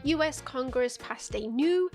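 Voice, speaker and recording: A woman's voice: sits high, measured pace, soft background music. A woman narrating a satirical commentary in a sarcastic, profane, joking manner. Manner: sarcastic, profane, deadpan jokes. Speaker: video essayist.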